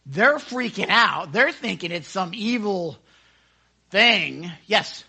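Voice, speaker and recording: A man leading a casual Bible study into a microphone, excitable and chatty, often acting out the scenes he describes. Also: high voice, slow pace, vocal fry, slightly rough. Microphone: handheld microphone.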